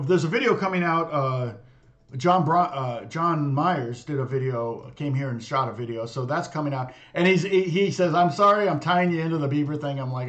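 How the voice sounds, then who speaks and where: A middle-aged guitar teacher chats casually on a livestream, rambling with lots of fillers, restarts, and laughs. His voice is mid-range and a bit bright, and the sound is lo-fi.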